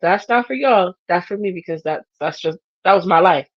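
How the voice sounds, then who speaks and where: Woman podcast host, chatty and animated, kinda low voice, dry dull sound. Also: moderate pace, dry recording. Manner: animated, acts out her inner voices. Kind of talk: casual faith talk.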